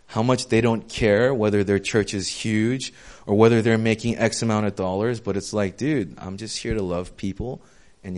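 A young adult man giving a casual sermon as a pastor. He speaks candidly and often pokes fun at himself. He addresses his congregation in a loose, conversational way. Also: fairly low pitch. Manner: candid, self-deprecating, talks to the congregation as "guys".

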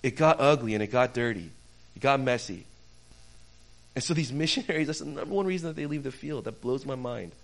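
A young man preaching a sermon, telling a personal story in a conversational, animated way that swings from quiet to loud, with many fillers. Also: mid-range voice.

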